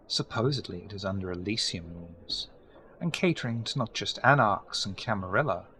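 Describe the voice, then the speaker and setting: A man's voice: fairly low pitch, pushed and bright. Man narrating a tabletop game. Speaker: game master.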